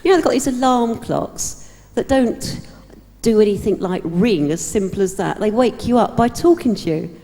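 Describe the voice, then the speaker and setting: A woman's voice: mid-range voice, lively intonation, moderate pace, mellow. Wry woman comic on a live stage. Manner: chatty, wry storytelling. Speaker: comedian. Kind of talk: stand-up routine. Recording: live hall reverb.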